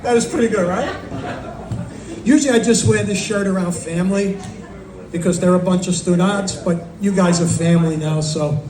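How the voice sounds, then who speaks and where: A man's voice: sits high, moderate pace, a crowd in the background. Wisecracking New York Italian comic, older man. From Brooklyn, New York. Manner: wisecracking, self-deprecating. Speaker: stand-up comic. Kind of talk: open mic stand-up. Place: small bar open mic. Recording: roomy, distant mic, faint ambience.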